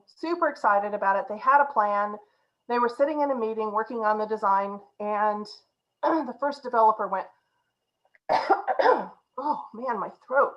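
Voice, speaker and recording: A woman's voice: mid-range voice, lo-fi sound. A woman coaching on agile practice, telling an anecdote in a talk and acting out the people she quotes. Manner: animated storyteller acting out quotes, frequent "right?" and "you know". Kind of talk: conference talk with storytelling.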